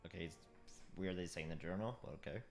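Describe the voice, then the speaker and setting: A man's voice: low-pitched, fast, gravelly, soft background music. A man hosting a reaction video, talking loosely and emotionally in casual commentary. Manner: loose and chatty, says dude a lot, emotional.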